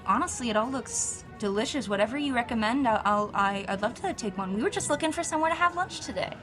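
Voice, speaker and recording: A woman's voice: on the high side, lively intonation, fast talker, a bit bright, faint music behind. A woman voicing a polite, curious otter mother ordering lunch at a market cart.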